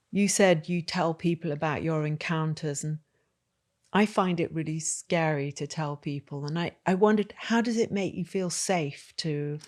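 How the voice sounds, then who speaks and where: A woman's voice: deep voice, a little mellow. A woman hosting an interview, asking thoughtful questions that ramble a little. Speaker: podcast host. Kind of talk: interview conversation.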